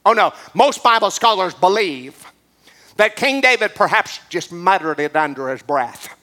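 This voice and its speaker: A man preaching a sermon as pastor, impassioned and building up to shouts. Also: sits high, expressive, measured pace.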